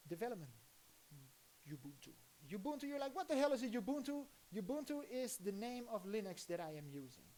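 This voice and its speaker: A woman's voice: lowish voice, dark tone, slight background noise. A woman with a Dutch accent, thinking aloud as she chats casually on her live stream. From Netherlands. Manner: rambling, thinking aloud, halting restarts. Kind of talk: casual live-stream commentary while working on a computer.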